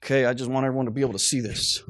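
A man's voice: mid-range voice, fairly even intonation, racing, a bit bright. A middle-aged man preaching a sermon to a congregation, fervent and preachy, sometimes losing his train of thought.

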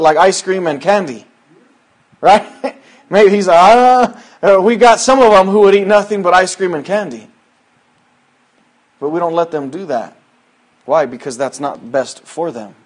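A pastor with a fairly high-pitched voice gives a folksy sermon in a conversational style, quoting scripture. He moves back and forth between loud, emphatic statements and hushed asides.

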